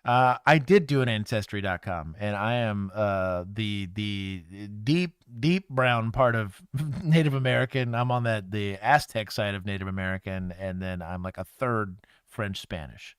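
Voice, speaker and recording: A man's voice: lowish voice, a little slow, hardly any pauses, clear, resonant tone, no room sound, clean studio sound. A man from Texas, a former police officer co-hosting a casual livestream, who tells stories with frequent laughter. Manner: laughs often, animated storytelling with put-on quotes.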